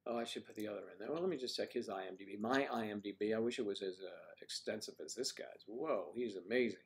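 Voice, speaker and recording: An older man hosting a livestream, chatting casually and rambling, thinking aloud with frequent pauses. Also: lowish voice. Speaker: livestream host.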